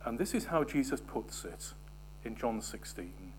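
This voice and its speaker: A man preaching a sermon, moving from emphatic scripture reading to soft, almost whispered asides and questions to the congregation. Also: mid-range voice, animated, normal speed, few pauses, breathy edge.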